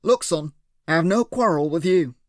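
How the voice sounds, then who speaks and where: A man voicing a menacing villain boss who talks in a smooth, patronizing way, calling others lad and son. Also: on the high side, lively intonation, moderate pace, no room sound, studio quality, natural voice. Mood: coaxing.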